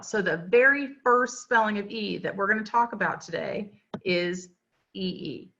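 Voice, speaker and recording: Bright-voiced woman teaching a webinar. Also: mid-range voice, normal speed. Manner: chatty, explanatory, frequent fillers. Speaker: literacy teacher presenting a webinar. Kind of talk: webinar lecture. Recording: dull lo-fi webinar audio.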